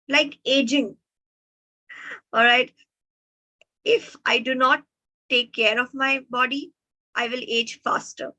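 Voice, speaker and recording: A woman doctor giving a motivational health talk and telling stories slowly, with emphasis. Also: sits high, bright, forceful tone, poor audio. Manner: slow, emphatic storytelling.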